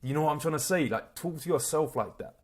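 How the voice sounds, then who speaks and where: A man giving an energetic, casual motivational talk as a self-improvement coach, full of slang and swearing. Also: on the high side, fast.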